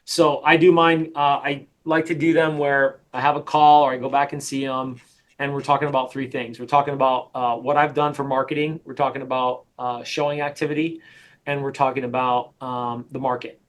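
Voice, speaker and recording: A middle-aged man coaching a sales team, talking in an energetic, emphatic way and often repeating his points. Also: mid-range voice, moderate pace. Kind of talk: coaching session.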